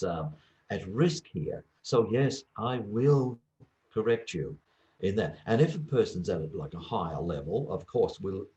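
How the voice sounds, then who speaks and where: A man who works as an English teacher and former examiner, talking through teaching advice in a relaxed interview and acting out little classroom exchanges. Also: on the low side, lo-fi sound. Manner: lively, acts out little classroom dialogues. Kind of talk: conversational interview.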